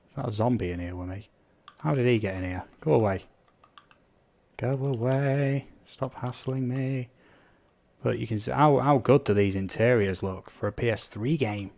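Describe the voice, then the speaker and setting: Male streamer, slightly low voice, casual running chat over gameplay. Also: brisk, creaky, hardly any pauses, darkish tone. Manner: chatty, reads out viewer comments, blurts game sound effects. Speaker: gaming live streamer.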